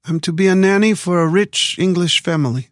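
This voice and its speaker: A man voicing a young Eastern European woman who is guarded but curious, asking careful questions in a raised, soft voice. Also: sits high, a little fast, no room sound, clean studio sound, voice pushed up, natural voice.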